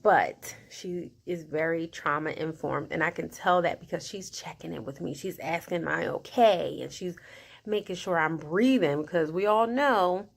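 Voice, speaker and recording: A woman vlogging casually about her day, chatty and animated, often laughing and quoting herself. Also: lowish voice, normal speed, gravelly. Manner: chatty, animated, talks to herself in quoted asides; laughs often while talking. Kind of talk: casual personal video diary.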